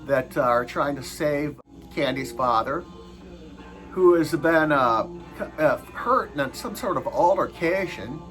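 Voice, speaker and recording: A man's voice: fairly high pitch, bright, forceful tone, poor audio. A man giving a casual movie review, hesitant and full of filler sounds.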